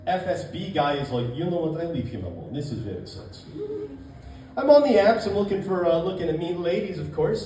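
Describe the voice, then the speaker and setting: A man doing a stand-up comedy set, telling a story and acting out both sides of a date in an animated way. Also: sits high, heavy reverb, recorded from a distance, slight background noise, poor audio.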